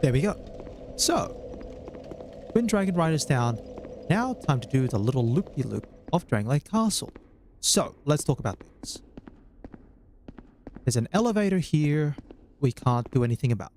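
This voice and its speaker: A man's voice: a little high, very animated, normal speed, long pauses, darkish tone, a little hiss or hum. A man giving chatty, wry let's-play commentary on a game as he plays. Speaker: gaming YouTuber.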